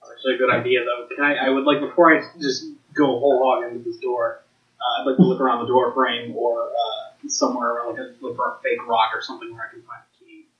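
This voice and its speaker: Male player, mid-pitched, hesitant and casual; echoey, lo-fi recording. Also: little pitch movement, fast. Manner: hesitant, lots of uh fillers. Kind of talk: casual tabletop game play. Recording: echoey room, dull lo-fi sound.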